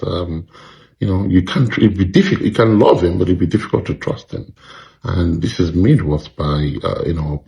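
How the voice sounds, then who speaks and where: A man calmly sharing his opinion in a measured, reflective way, pausing often on fillers. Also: low voice, creaky. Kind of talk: casual spoken opinion.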